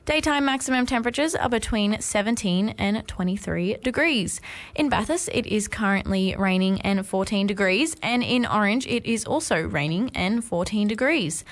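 A woman hosting a community radio breakfast show, reading the weather in an upbeat, clear manner. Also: medium pitch, lively intonation, moderate pace.

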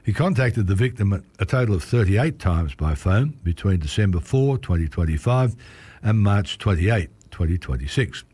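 A hoarse man reads the news aloud in a low, husky voice, steady and measured with the odd stumble. The sound is close and completely dry, with no room around it. He keeps clearing his croaky throat between sentences. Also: no echo. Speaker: volunteer newspaper reader. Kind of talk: reading news articles aloud on radio.

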